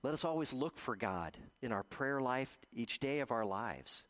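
A man preaching a gentle baptism sermon as pastor, telling stories with slow, drawn-out pauses. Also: medium pitch, lively intonation.

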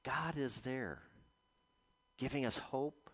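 Man, pastor, gentle sermon, slow storytelling pauses, mid pitch. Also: lively intonation.

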